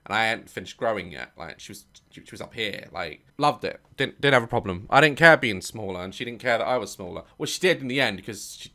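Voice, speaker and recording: A man's voice: on the low side, pushed and bright. A man hosting a reaction video, talking casually with lots of swearing and bursts of mock outrage.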